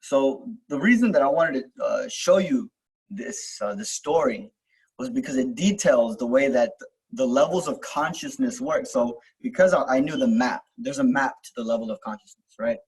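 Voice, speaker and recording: A man's voice: medium pitch, lively intonation, normal speed, breathy edge, rough recording. A young man telling a personal story in casual, rambling talk, full of fillers, restarts and swearing, as host of a self-help video.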